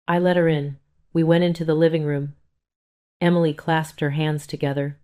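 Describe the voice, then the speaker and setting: A woman narrating a first-person family story in an even, somber manner. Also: low-pitched, normal speed.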